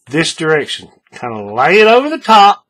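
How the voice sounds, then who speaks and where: A man casually walks viewers through a hands-on crafting tutorial, relaxed and repetitive, restating steps and often checking that they're following along. His voice is on the high side, at a moderate pace.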